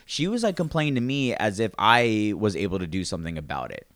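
A man's voice: fairly low pitch, big pitch swings, fast talker, a bit bright. A man who does stand-up comedy, chatting casually and acting out quoted voices as he tells a story. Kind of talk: casual chat.

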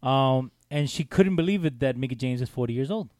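A man's voice: medium pitch, brisk, darkish tone, no echo, studio quality. A middle-aged man co-hosting a casual podcast, teasing and playful, tossing in Spanish exclamations. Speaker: podcast co-host. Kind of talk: casual wrestling podcast chat.

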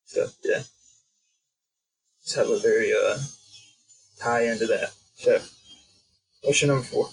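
A man's voice: fairly low pitch, a little slow, creaky, long pauses, faint music behind, poor audio. A young man co-hosting a podcast, talking in an easygoing, agreeable way with frequent fillers. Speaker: podcast co-host. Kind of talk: casual chat.

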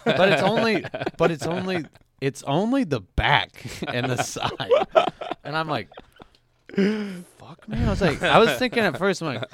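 A man's voice: fairly high pitch, normal speed, no echo. A young man telling a crude story in casual chat, swearing often and acting out the voices of the people he quotes. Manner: animated, swears a lot, acts out quoted voices.

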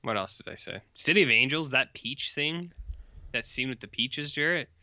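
A man co-hosting a podcast in casual chat, animated, laughing often and swearing freely. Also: mid-range voice, normal speed, no room sound, muffled recording. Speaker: podcast co-host.

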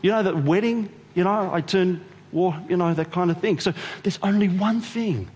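A man voicing Jesus as a patient, gentle teacher in a sermon retelling, speaking softly and without hurry. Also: fairly high pitch, breathy edge, in a large hall. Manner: soft, unhurried, reassuring.

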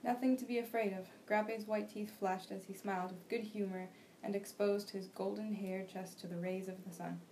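A young woman reading a novel aloud for a class discussion, steady and plain, with small slips and restarts. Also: mid-range voice, normal speed, low-quality recording. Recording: faint background noise.

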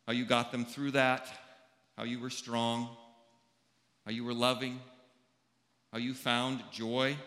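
Preaching at a funeral, a pastor with a mid-range voice takes his time, measured and unhurried, with long gaps between phrases. His bright, forward tone echoes around the church hall, trailing a long reverb.

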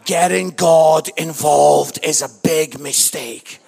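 A middle-aged man, telling a funny family story as a sermon, moving from hushed lines to shouted ones. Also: fairly high pitch, takes it slowly, creaky, breathy edge. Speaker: preacher.

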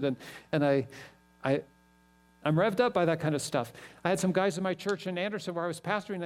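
A middle-aged male pastor preaching a sermon, animated and telling stories with quick asides. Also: on the high side.

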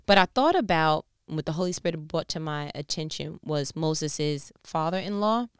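A woman with a New York accent talks through a Bible passage in a relaxed, slangy way, tossing in playful asides. Her voice sits low and sounds smooth. The sound is dry and close. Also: normal speed, dry recording. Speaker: Bible teacher. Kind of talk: casual devotional teaching.

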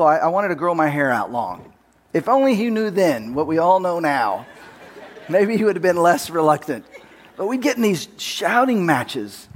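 A man with a noticeably high-pitched voice delivers a sermon through personal storytelling. He speaks candidly and pokes fun at himself as he tells the story. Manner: personal, self-deprecating storytelling with laughs.

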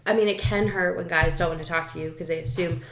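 A woman's voice: lowish voice, steady tone, fast, a bit bright, a little hiss or hum. A young woman co-hosting a podcast, chatting casually in an easygoing, agreeable way. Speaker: podcast co-host. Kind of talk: casual chat. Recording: echoey room.

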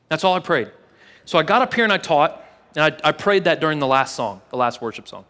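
A man preaching a casual, earnest sermon to a live church service, telling a personal story and then leading a hushed prayer with many repeated words. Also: on the high side, very animated, fairly quick, big-room sound. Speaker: pastor.

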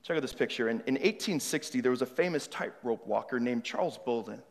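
A male pastor preaching, moving between hushed, searching questions to the congregation and loud, emphatic passages. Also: medium pitch, animated, fairly quick, gravelly. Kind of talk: sermon. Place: church hall. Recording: long reverb of a large hall.

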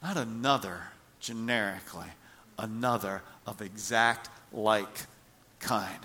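A man preaching a sermon as pastor, animated, acting out little scenes and repeating words for emphasis. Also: fairly low pitch, slow pace. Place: church.

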